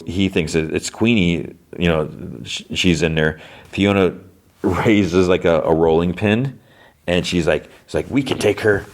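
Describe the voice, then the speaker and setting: A man's voice: low voice, steady tone, unhurried. A man hosting a podcast, recapping a cartoon episode in a rambling way full of fillers. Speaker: podcast host.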